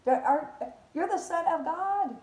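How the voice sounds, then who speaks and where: A woman's voice: very high-pitched, animated, unhurried, darkish tone, echoey room, pitched above the performer's own voice, rough recording. A woman voicing panicked disciples pleading in a storm, frantic and pleading.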